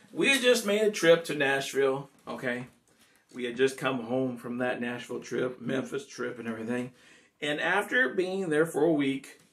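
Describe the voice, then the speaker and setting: A man's voice: fairly high pitch, a bit bright. A man, a singer-songwriter, chatting casually and ramblingly to his audience between songs. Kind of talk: casual chat between songs at a home concert.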